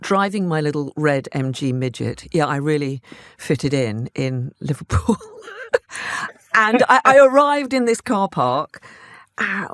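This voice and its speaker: A woman in her fifties or older, a former news correspondent, telling stories from her career in a conversational interview, animated and laughing often, with many restarts. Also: fairly low pitch, slow, no room sound.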